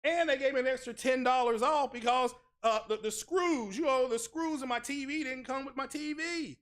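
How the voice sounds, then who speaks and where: A very high-pitched man with a fairly bright tone runs a tech channel and rants casually on stream at a moderate pace. Expect sarcasm, mock outrage and exaggeration, delivered in crude, blunt street talk.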